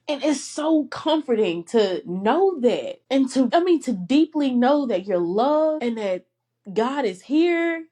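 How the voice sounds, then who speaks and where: Heartfelt young woman podcaster, slightly high. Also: very animated, takes it slowly, dark tone. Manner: heartfelt and earnest, breaks into laughter between phrases; emotional, close to tears at times. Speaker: podcast host. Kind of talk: personal faith podcast monologue.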